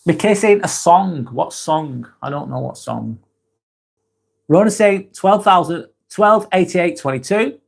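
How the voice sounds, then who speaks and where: Casual male livestream host, slightly higher voice, relaxed and chatty, reads comments out, swears, laughs easily. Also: measured pace, vocal fry. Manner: laid-back, swears freely, laughs often; reads viewer comments aloud. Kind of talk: casual live chat.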